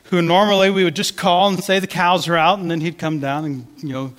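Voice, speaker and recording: Male pastor, conversational storyteller, fairly high voice, reverberant church hall. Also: steady tone, fairly quick, a bit bright. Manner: storytelling, conversational with many restarts. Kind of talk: sermon.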